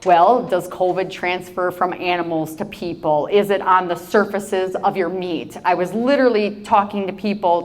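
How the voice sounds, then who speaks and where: A woman from South Dakota, an agriculture advocate, giving a storytelling keynote talk with playful asides to the audience. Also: fairly low pitch.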